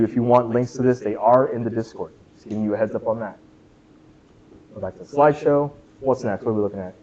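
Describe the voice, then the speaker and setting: A young club workshop presenter gives a relaxed lecture to students in a classroom, cracking jokes, asking the room questions, and tacking on "right?" often. His mid-range voice is a little mellow, and the recording is muffled.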